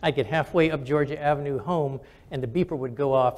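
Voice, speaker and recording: A man's voice: medium pitch, steady tone, fairly quick, few pauses, a little mellow. An older man, a retired general and physician, answering audience questions with candid stories and frequent fillers.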